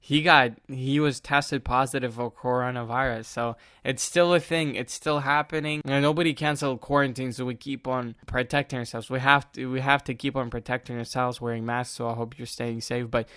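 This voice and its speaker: A man's voice: mid-range voice, steady tone, brisk, few pauses, sharp tone, clear, resonant tone, dry recording, studio quality. A man hosting a casual solo sports podcast, rambling and chatty, often laughing at himself. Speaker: podcast host.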